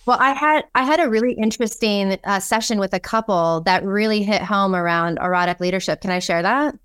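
A woman guest on a podcast, telling a story in a lively, enthusiastic way and acting out the voices in it. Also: mid-range voice, a little fast, smooth. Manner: enthusiastic, acts out quoted dialogue. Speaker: podcast guest, kink coach. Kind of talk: conversational storytelling.

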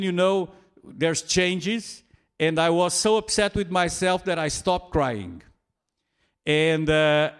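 Slow, halting male preacher. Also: a little high. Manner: halting, many restarts and fillers, chuckles often. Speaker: pastor. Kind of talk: sermon.

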